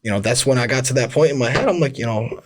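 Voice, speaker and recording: Barber guy on a podcast, talks quick, mid-pitched voice, easygoing. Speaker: barber, guest. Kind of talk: casual conversational interview.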